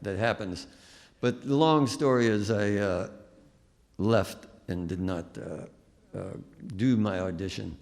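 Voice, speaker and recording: An older man from the Bronx, an animated storyteller at a live book talk. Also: lowish voice, slow. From the Bronx, New York. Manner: animated storyteller who acts out voices. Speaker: guest musician and author. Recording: reverberant hall.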